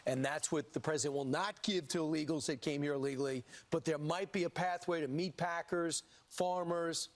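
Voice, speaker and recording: A man speaking as a TV news anchor in measured, assertive political commentary. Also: a little high, steady tone.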